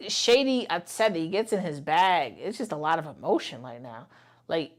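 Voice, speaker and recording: A woman's voice: low-pitched, expressive, moderate pace. A woman from The Bronx, reacting to songs in blunt, profane, emotional commentary as a content creator. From The Bronx, New York.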